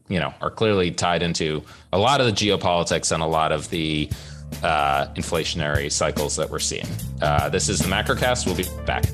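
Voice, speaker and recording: A man's voice: low voice, a bit bright. A man hosting an economics podcast, talking in a rambling, conversational way and often correcting himself mid-sentence. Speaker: podcast host. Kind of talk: casual economics podcast talk.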